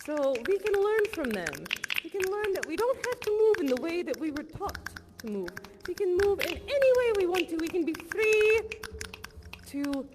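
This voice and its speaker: A woman's voice: sits high, background noise. A woman playing an eccentric acting teacher with a non-American accent, chatty and rambling as she earnestly teaches. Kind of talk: improvised live theatre performance.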